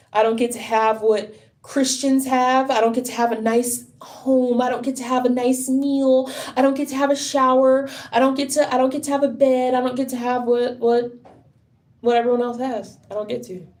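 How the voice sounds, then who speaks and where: A woman's voice: fairly high pitch, level tone, normal speed, darkish tone. A tired woman talking on a casual livestream, rambling, swearing and sounding frustrated.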